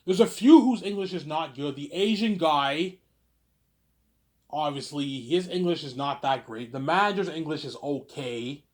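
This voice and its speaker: A man from Quebec hosts a livestream, reading out viewer questions in a rambling, repetitive monologue full of stammered restarts and endless "obviously"s. His voice is fairly high and a little slow.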